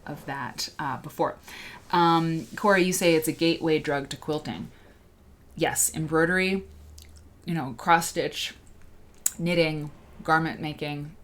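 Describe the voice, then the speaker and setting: A woman hosting a casual livestream, chatting in a rambling, self-interrupting way and greeting viewers by name. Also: low voice. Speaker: livestream host.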